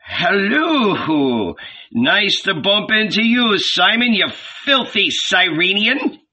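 A man's voice: on the high side, unhurried, bright, forceful tone, far from the mic, full character voice. A man reading a novel aloud, voicing an easygoing, tipsy male fisherman disciple who grumbles and banters heartily. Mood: hearty. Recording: dull lo-fi recording.

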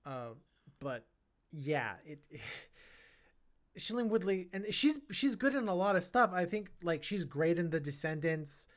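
A podcast co-host talks through a film in a casual, animated review. The speech is chatty, with lots of fillers, restarts and quick asides. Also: mid-range voice.

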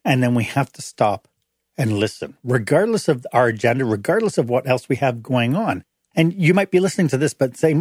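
Middle-aged male host, husky dry delivery, lively pitch, acts out little scenes. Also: fairly quick, dry recording. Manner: animated, acts out little dialogues in changed voices. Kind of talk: motivational management talk.

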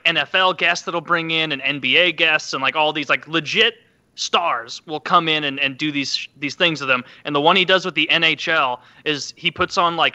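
A man co-hosting a podcast, chatting casually and telling stories with quick impressions of people. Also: on the high side, bright, forceful tone. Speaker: podcast co-host. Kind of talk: casual chat.

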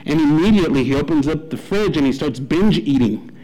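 A man in his thirties, a pastor, opening with prayer and then animatedly telling a story in a sermon, with poor audio quality. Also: brisk. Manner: animated, acts out a dog's delight. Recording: low-quality radio-like audio.

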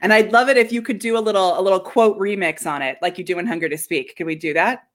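A woman's voice: mid-range voice, fast talker. Enthusiastic woman hosting an interview. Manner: enthusiastic, laughs easily. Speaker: interview host. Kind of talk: casual interview chat.

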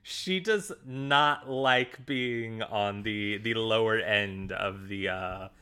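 A man's voice: on the low side, pushed and bright, clear, resonant tone. A man co-hosting a podcast, chatting casually about an episode and laughing often. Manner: slow, amused, laughs often. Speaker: podcast co-host. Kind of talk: casual episode recap chat.

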